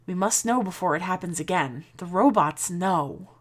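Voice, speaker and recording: An actress playing a commanding, secretive elderly professor in video game dialogue, speaking with grave, measured authority. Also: female voice, lowish voice, lively intonation. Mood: urgent.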